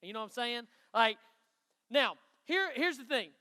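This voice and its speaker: A man with an East Tennessee country accent preaches to a youth crowd in a chatty, folksy way and keeps asking them questions. His voice sits very high, sharp and bright. It rings through a big hall with a long reverb tail. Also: animated, normal speed, smooth. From Knoxville, Tennessee. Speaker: youth pastor. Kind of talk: youth sermon.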